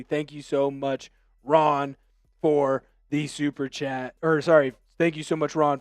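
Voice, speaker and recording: A young man from Vancouver, Washington, hosts a rowdy live sports fan stream and yells when his team scores. His voice sits high, and it is recorded close and dry with almost no room sound. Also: smooth, no echo. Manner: rowdy, yelling, fast fan banter.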